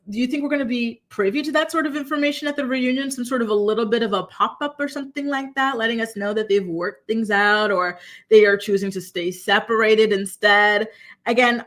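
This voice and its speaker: A woman's voice: fairly high pitch, brisk, a bit bright. A woman hosting a casual gossip show, recapping reality TV in a blunt, sassy, chatty way and talking straight to her viewers. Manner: talks straight to live chat viewers. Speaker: celebrity gossip host.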